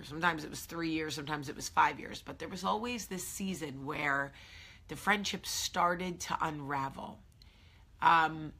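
Chatty low-voiced woman host, bright tone. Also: gravelly, breathy edge. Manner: chatty, rambling with many fillers. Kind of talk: casual morning live-stream chat.

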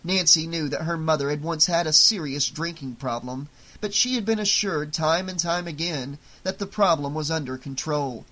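An audiobook narrator reading a novel aloud in a steady storytelling manner. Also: mid-range voice, normal speed.

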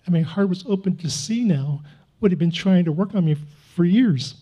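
A high, mellow male voice carries this pastor's earnest, confessional testimony, with the occasional self-mocking chuckle. The sermon recording itself sounds dull and lo-fi. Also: normal speed, slightly rough.

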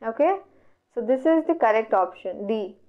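In an online exam revision class, an Indian English-accented woman speaks at a moderate pace in a fairly high voice with lively intonation. She works methodically through questions, raising queries and answering them herself, over dull lo-fi audio.

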